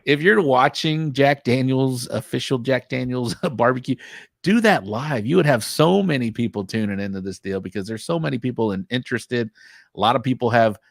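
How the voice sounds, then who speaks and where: A man's voice: medium pitch, moderate pace, creaky, no room sound, clean studio sound. A man hosting a barbecue podcast, talking in an enthusiastic and emphatic way. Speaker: podcast host. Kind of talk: casual podcast chat.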